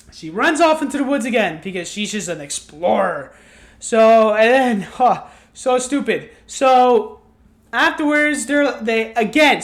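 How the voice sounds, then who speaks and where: A tired, yawning reviewer talking through a casual spoken review in a rambling, exasperated way, with many restarts. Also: medium pitch. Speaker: show reviewer.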